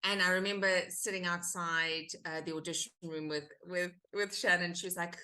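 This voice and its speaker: Actress, guest on a chat podcast; animated storyteller, bright clear tone. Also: female voice, on the low side, brisk, few pauses. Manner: animated storytelling, acts out quoted exchanges. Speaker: actor guest. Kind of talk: casual interview chat.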